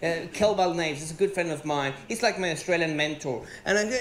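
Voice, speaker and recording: Man, Venezuelan accent, stand-up comic, sweary and animated, roomy live venue, faint background hum. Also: fairly high pitch, brisk, few pauses. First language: Spanish. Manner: animated, swearing, rising to exclaim. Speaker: stand-up comedian. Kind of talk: stand-up comedy routine. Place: stage in a comedy venue with live audience.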